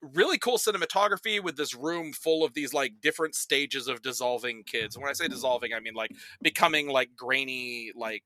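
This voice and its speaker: Animated, bright-voiced man telling stories. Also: medium pitch, fairly quick, few pauses. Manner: animated storytelling, swears freely. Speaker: podcast guest reviewing films. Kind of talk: casual podcast chat.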